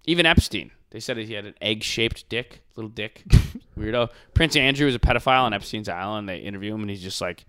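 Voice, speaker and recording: A man's voice: on the low side, a little fast, clean tone, no echo. A man hosting a podcast, ranting casually with crude jokes and mocking impressions. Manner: animated, profane, mocking impressions. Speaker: podcast host.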